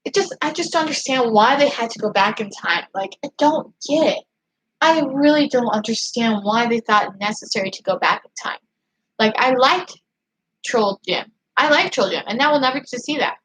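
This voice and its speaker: A woman with a fairly high voice chats loosely on a home livestream, reading comments aloud as she goes. She rambles in an excitable way and keeps tripping into restarts. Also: moderate pace, a little hiss or hum, rough recording. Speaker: YouTube channel host. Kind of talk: casual livestream chat reading viewer comments.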